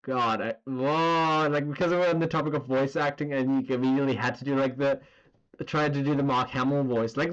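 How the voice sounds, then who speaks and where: A man's voice: medium pitch, steady tone, a little fast, poor audio. A man casually chatting while he draws on a live stream, rambling with lots of fillers and the odd swear word. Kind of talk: casual chat while drawing.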